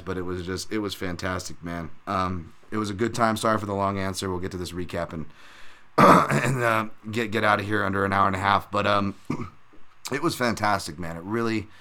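A man's voice: on the low side, bright, forceful tone, clean tone. A man hosting a podcast, recapping fights in a casual, rambling way and calling his listeners folks. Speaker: podcast host.

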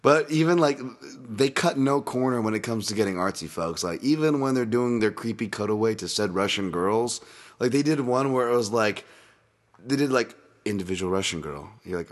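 A man's voice: fairly low pitch, fairly quick. A man hosting a podcast in a casual, rambling way, swearing often and wandering off on tangents. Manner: rambling, profane, goes off on tangents. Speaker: podcast host.

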